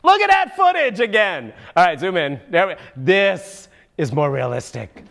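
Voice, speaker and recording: A man's voice: sits high, sing-song, moderate pace, creaky, a bit bright, full character voice. A man voicing a wisecracking male monkey puppet in a comic political commentary, goofy and mocking, with sudden whooping outbursts. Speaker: puppet show host.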